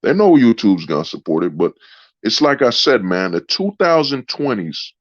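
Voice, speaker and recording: A man's voice: on the low side, sing-song, moderate pace, no room sound. A man hosting a livestream, ranting in a rambling, sarcastic way, filling gaps with "you know what I mean". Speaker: channel host. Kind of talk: livestream rant. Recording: dull lo-fi, dry sound.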